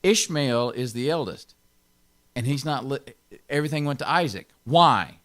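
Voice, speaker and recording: A man's voice: medium pitch, expressive, moderate pace, fairly bright tone. A man pastor giving an informal Bible teaching, stressing key words and chuckling often.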